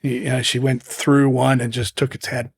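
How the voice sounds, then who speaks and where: A middle-aged man from Zimbabwe, a podcast guest, telling rambling, animated hunting anecdotes with many restarts. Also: mid-range voice, moderate pace, gravelly, husky. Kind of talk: casual storytelling interview.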